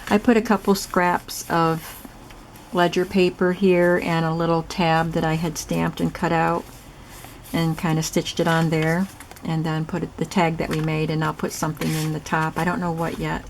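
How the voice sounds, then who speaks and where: Low, gravelly-voiced woman crafter. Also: little pitch movement, normal speed. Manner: chatty, explains step by step. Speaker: craft channel host. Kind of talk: casual crafting demonstration. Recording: noisy recording with clicks.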